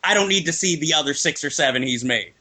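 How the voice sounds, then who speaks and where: A man's voice: on the high side, expressive, quick pace, bright, forceful tone, breathy edge. A man chatting casually about films, opinionated and laughing often. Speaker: guest film reviewer. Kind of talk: casual film chat.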